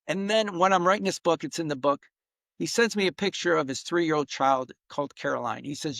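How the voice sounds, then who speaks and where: A middle-aged man appears as a podcast guest, earnestly and emotionally retelling a personal story in an animated way and acting out the quotes. His voice is a little high, a little fast, and creaky, with no echo.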